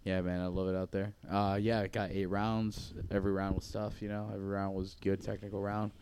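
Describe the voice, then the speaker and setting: A man's voice: low-pitched, little pitch movement, a little fast, a little mellow, a little hiss or hum. A young man chatting casually about his training and a grappling event, talking in a laid-back, rambling way. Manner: laid-back, rambling recap with many fillers. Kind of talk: casual chat.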